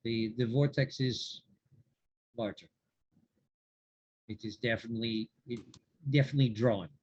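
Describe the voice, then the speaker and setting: A man playing a tabletop role-playing game, thinking aloud in a halting way. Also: medium pitch, fairly even intonation, darkish tone, slightly rough. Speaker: player. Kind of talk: casual tabletop play. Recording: dull lo-fi mic.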